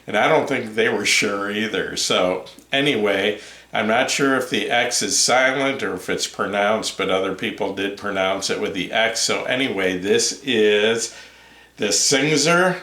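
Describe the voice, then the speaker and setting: Slow, low-voiced man reviewing gear. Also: bright, forceful tone, echoey room. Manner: unhurried, hesitant with frequent ums and uhs. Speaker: headphone reviewer, channel host. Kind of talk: casual product review talk.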